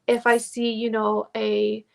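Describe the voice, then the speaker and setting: A woman, an actor guesting on a podcast, talking reflectively in casual conversation with many pauses and fillers. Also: on the high side, completely flat delivery, gravelly.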